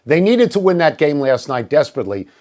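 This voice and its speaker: An older man with a fairly high voice argues sports bluntly and emphatically on a talk show. He hammers home his opinions and is quick to poke fun at himself. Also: sing-song, a little mellow. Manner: emphatic, blunt and self-mocking. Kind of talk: sports debate.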